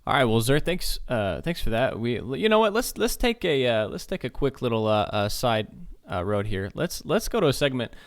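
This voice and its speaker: A man's voice: mid-range voice, very animated, moderate pace, hardly any pauses. A man hosting a casual podcast, introducing segments and asking questions with many hesitant "uh" restarts. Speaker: podcast host.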